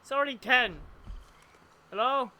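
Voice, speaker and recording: A man streams a game live, talking to viewers in an unhurried, chatty way. His voice sits high for a man and has a sharp, bright edge. He often drifts into long, rambling asides. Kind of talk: casual live gameplay commentary.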